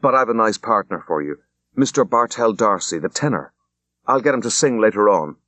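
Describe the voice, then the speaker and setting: A man voicing a brisk young woman who hosts a dance, coaxing her guests quickly and brightly. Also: on the low side, animated, no echo. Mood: eager.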